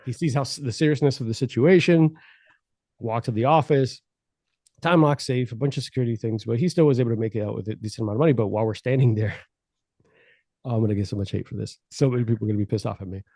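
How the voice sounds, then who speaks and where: A man's voice: medium pitch, quick pace, mellow, no echo. A man in mid-range voice recounts a story in a casual podcast, bursting with energy and swearing freely. He slips in and out of the voices of the people in his tale. The recording is dry and close, with no room sound.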